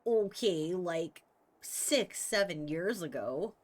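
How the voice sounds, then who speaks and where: A man's voice: sits high, animated, takes it slowly. A trans man streaming a role-playing game in casual chat, laughing, swearing and poking fun at himself. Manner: laughing, swearing, self-mocking. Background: game music.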